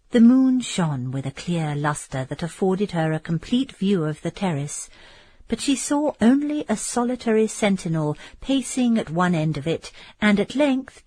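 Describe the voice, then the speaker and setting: A woman reads a classic novel aloud in a measured, expressive way. Her voice sits at mid pitch with a breathy softness, and the sound is close and dry. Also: no room sound. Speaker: audiobook reader. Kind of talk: audiobook narration of a Gothic novel.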